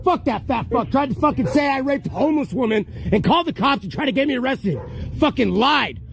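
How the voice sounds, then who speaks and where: A drunk man yells curses in a heated street argument, his voice high and swinging wildly. Clear background noise from the street surrounds him. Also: animated, a little fast. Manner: drunk, shouting, swearing.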